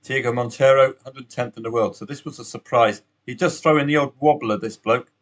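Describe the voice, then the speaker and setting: A man's voice: medium pitch, brisk. A man hosting a solo betting podcast, chatty and upbeat, with asides to the listener.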